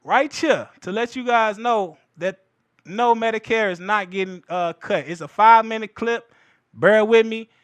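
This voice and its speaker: A man's voice: high-pitched, a little slow, clean tone, dry recording. A man in his thirties giving heated political commentary in a fervent, preachy manner, repeating phrases for emphasis. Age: 30s.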